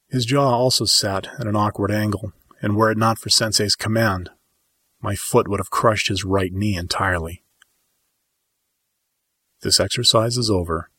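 A man narrating a first-person story in a measured, dramatic audiobook style. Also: fairly low pitch, steady tone, bright, forceful tone, husky, no room sound.

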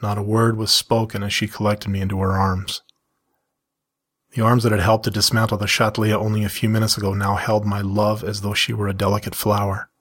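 A middle-aged man reads his first-person story in a calm, measured way before speaking frankly to listeners. His voice sits on the low side and is slightly rough.

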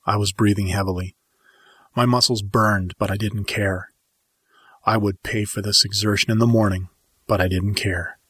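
A man narrating a first-person story in a measured, dramatic audiobook style. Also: lowish voice, fairly even intonation, a bit bright, breathy edge, no room sound, clean studio sound.

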